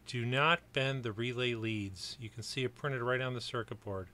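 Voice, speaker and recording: A man's voice: medium pitch, moderate pace, bright, forceful tone. A middle-aged man from the Buffalo, New York area, narrating his kit build in a chatty, rambling way with fillers. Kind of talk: casual workbench narration.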